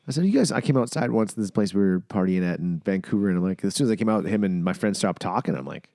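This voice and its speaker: A man's voice: on the low side, fast talker, no room sound, studio quality. A man co-hosting a podcast who chats casually and tells swearing-laced stories, acting out the voices in them. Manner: animated storytelling, acts out quotes, swears a lot. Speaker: podcast co-host. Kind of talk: casual chat.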